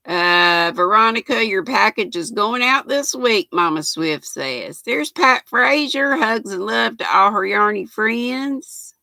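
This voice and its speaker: An older woman with a Southern drawl chats slowly on her live crafting stream. Her voice is bright with a gravelly edge. The sound is dry and close, and she greets her viewers warmly by name. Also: on the high side, expressive, no room sound. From Southern United States. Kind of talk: casual live-stream chat, reading viewer comments.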